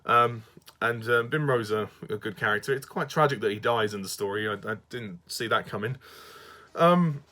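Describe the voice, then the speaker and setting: A man's voice: fairly low pitch, normal speed, sharp tone. Man, Southern English accent, casual spoken review, hesitant, frequent restarts, light laughter between phrases.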